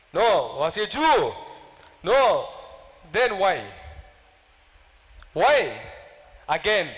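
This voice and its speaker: Preacher, male, high voice, slow measured delivery, questions the congregation, reverberant church hall. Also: fairly bright tone. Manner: repeats questions to the congregation, leads call-and-response prayer. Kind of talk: sermon.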